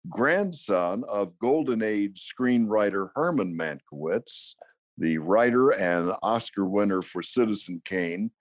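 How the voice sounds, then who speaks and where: An older man with a low-pitched voice hosts a podcast interview. He introduces his guests with stories and easy chuckles. The sound is close and dry. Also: animated, takes it slowly, dry recording. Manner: warm anecdotal introductions, chuckles often. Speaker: podcast host. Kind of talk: casual interview chat.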